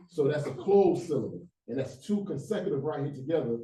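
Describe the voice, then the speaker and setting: A man teaching a Hebrew reading class, patiently explaining rules and sounding out syllables slowly, one by one. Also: mid-range voice, warm tone, slight background noise. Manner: patient, repeats sounds slowly to demonstrate pronunciation. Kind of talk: classroom language lesson.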